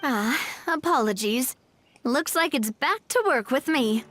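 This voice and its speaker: A woman's voice: high-pitched, animated, a little slow, fairly bright tone, a little hiss or hum. A woman voicing a cheerful, friendly young female recruiter for a film crew, in video game voice acting. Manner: friendly, upbeat.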